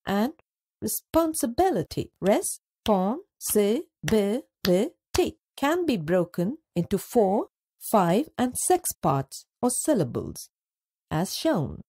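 A woman narrating a scripted school lesson, speaking slowly and deliberately and stretching words out syllable by syllable. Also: medium pitch, wildly swooping pitch, warm tone, slightly rough. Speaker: teacher narrator.

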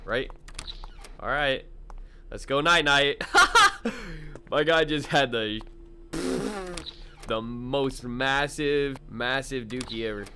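A young man doing gaming commentary to his chat, loud, excitable, slangy and quick to laugh. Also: mid-range voice, a little hiss or hum. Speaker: gaming YouTuber. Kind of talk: let's-play commentary.

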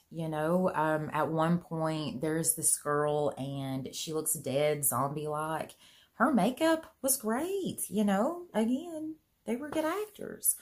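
A woman vlogger telling a personal story in a casual, earnest way, full of "you know" fillers, her voice jumping higher when she gets excited. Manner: chatty, earnest, pitch swings high when excited; many "you know" fillers, folksy grammar.

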